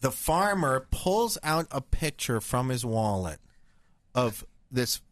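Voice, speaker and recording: A man hosting a podcast, spinning a crude, rambling tall tale in a deadpan, profane way. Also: mid-range voice, slow pace, dry recording. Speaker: podcast host. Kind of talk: crude comedic storytelling.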